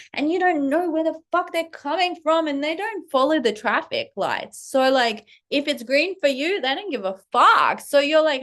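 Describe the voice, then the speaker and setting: A woman telling a casual story in a vlog, animated and swearing constantly as she acts out her own reactions. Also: on the high side. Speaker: vlogger, self-leadership coach. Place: Paris.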